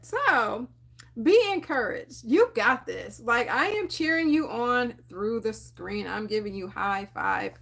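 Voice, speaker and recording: Young woman vlogger, slightly high voice, animated and encouraging, uplifting talk to camera with lots of "um"s. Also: slow, gravelly. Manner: animated, laughs often, preachy encouragement with fillers. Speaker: dental hygienist and channel host.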